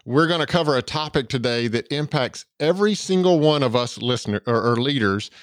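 A man's voice: medium pitch, lively intonation, fairly quick, no echo, clean studio sound. A man with a Southern US accent from Georgia hosting a podcast, enthusiastic and promotional, with lots of fillers. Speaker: podcast host. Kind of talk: podcast interview.

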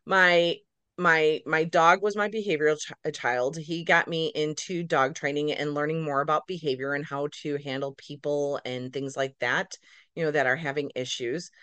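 A middle-aged woman, a nurse practitioner, telling her story as a podcast guest in a lively, casual way, acting out her own reactions. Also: low voice, moderate pace, clean tone, no echo. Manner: animated, acts out her own reactions in quotes.

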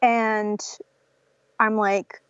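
Woman, casual storyteller, lots of "like", mid pitch, dull dry recording. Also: flat delivery, drawn-out words, clean tone, no echo. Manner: chatty, heavy use of "like" and "um".

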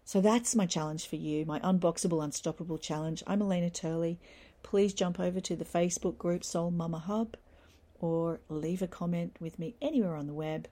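A woman's voice: fairly low pitch, normal speed, dark tone. A woman hosting a reflective solo talk show, earnest and encouraging, lingering on the key words. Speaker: podcast host.

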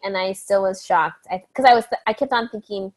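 A woman's voice: medium pitch, fairly quick. A woman in casual chat, reflecting aloud and restarting her sentences as she thinks.

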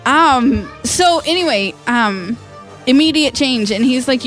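A woman co-hosting a casual book discussion at home, retelling scenes with quick quoted voices and frequent laughs. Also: sits high, lively intonation, a bit bright, soft background music. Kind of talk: casual chat.

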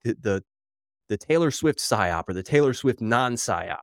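A man hosting a solo podcast, talking in a wry, worked-up way and sounding slightly out of breath. His voice sits at an ordinary middle pitch. The sound is close and dry, with no room around it. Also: moderate pace, no room sound. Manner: animated, wry, worked up, reading headlines aloud. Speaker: podcast host.

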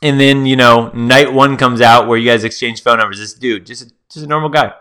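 A man's voice: medium pitch, fairly even intonation, brisk, pushed and bright, clean tone. A man hosting a solo podcast, telling stories in a chatty, casual way and talking straight to his listeners. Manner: chatty, storytelling, addresses listeners as guys. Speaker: podcast host.

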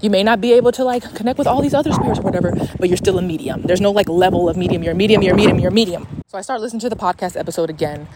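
A woman's voice: mid-range voice, very fast, hardly any pauses, heavy background noise. A young woman hosting a podcast in a casual, rambling, profane chat, recorded on a phone voice memo. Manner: chatty, profane, rambling with fillers. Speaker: podcast host.

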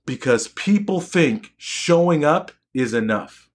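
Male educator, slightly higher voice, emphatic and preachy, repeats phrases for effect. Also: animated, slow. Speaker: educator and physician. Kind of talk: live-streamed motivational talk.

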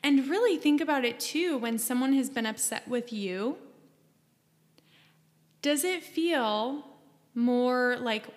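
A woman with a fairly high voice talks straight to her listeners in an earnest, coaching way, leaning on key words. Her voice rings out with a long reverberant tail, as if she is in a bare room. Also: lively intonation, takes it slowly, pauses often. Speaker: podcast host. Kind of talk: casual advice monologue.

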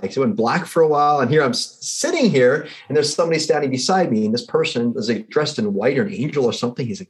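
A man who works as a results coach, a guest on a podcast, telling stories in a lively way and acting out the people in them. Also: medium pitch, fast talker, hardly any pauses. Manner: animated storyteller who acts out the people in his stories. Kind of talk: casual conversation with storytelling.

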